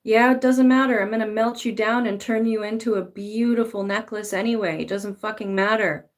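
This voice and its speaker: A woman's voice: medium pitch, steady tone, a little fast. A woman giving a casual spiritual talk as a tarot reader, swearing freely and now and then acting out pleading voices. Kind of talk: spiritual monologue.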